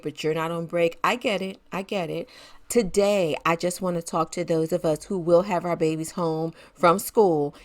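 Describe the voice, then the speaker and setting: Woman podcast host, middle-aged, chatty and encouraging, laughs easily. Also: fairly low pitch. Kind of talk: casual solo podcast talk.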